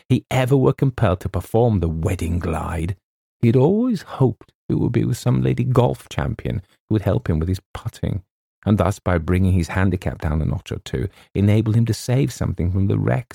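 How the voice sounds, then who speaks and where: A man reading a comic story aloud in a measured, wry narration. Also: lowish voice, gravelly, warm tone, husky, no echo, studio quality. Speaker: audiobook narrator. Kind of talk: scripted narration.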